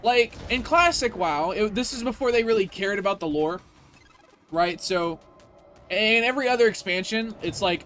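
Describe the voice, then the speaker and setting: A man's voice: sits high, lively intonation, moderate pace, a bit bright, faint music behind. A man streaming a video game, ranting in casual, profane commentary.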